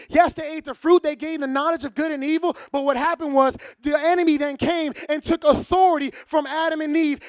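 A man preaching a sermon to his church, casual and lively, acting out short dialogues. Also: extremely high pitch, no room sound. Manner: casual, acts out little dialogues. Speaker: pastor.

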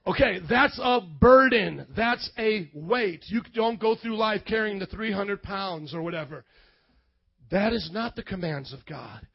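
A male pastor preaching a sermon in a church, shouting emphatically and calling for amens. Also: sits high, measured pace, dull audio. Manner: emphatic, shouting, call-and-response.

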